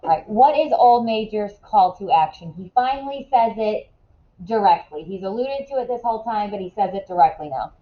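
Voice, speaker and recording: A woman teaching a classroom lesson in a casual way, asking quick questions and often checking in with "right?". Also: mid-range voice, animated, dull audio.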